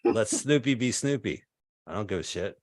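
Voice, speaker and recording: A man in his fifties performing a stand-up set over a video call, delivering absurd one-liners in a deadpan way. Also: lowish voice, moderate pace, no room sound, studio quality. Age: 50s. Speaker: stand-up comedian.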